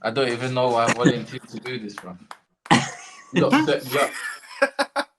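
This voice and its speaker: A man's voice: mid-range voice, huge pitch swings, moderate pace, heavy background noise. A man co-hosting a casual podcast, using slangy banter. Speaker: podcast co-host.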